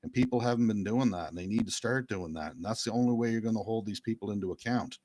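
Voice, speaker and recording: A man's voice: lowish voice, quick pace, darkish tone, no echo, studio quality. A middle-aged man, talking earnestly and emphatically to viewers, often repeating his phrases. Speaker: speaker giving a talk. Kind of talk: casual monologue to viewers.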